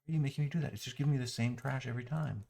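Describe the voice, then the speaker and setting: A software reviewer mutters and clicks through an app in a screen recording, giving an exasperated, sarcastic running critique. His mid-range voice is steady in tone but racing, creaky and dark.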